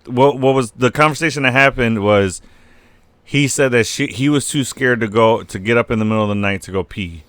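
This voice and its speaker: A young man co-hosting a casual podcast recaps scenes in a medium-pitched voice, talking a little fast. The recording is dry. He's animated, swears a lot, and acts out quotes from the scenes.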